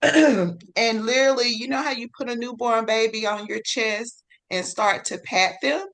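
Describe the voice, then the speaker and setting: A woman telling her own story as a podcast guest, swinging between hushed and excited and acting out her own past words. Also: fairly high pitch. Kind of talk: personal storytelling in a podcast interview.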